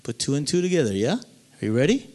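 A male pastor telling a story in a sermon, animated and swinging between loud and hushed. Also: medium pitch, fast talker.

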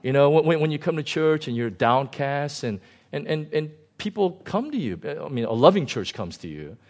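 A male pastor giving a conversational sermon, animated and often chuckling. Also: on the high side, normal speed.

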